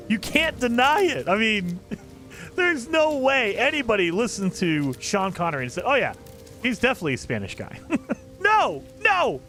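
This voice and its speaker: High, lively enthusiastic male streamer. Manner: rambling and enthusiastic, often laughing at himself. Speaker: game streamer. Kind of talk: casual chat while gaming.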